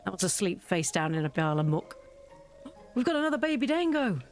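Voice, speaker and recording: A woman's voice: medium pitch, very animated, a little fast, a little mellow, faint music behind. A woman streaming a game, chatting casually with viewers in a giggly, self-mocking way.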